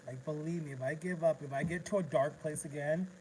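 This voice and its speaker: A man with a slightly high voice rambles through an emotional personal story on a casual livestream. He restarts his sentences often, talking straight into his phone. There is faint noise behind him. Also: a little fast, darkish tone, rough recording. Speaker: vlogger.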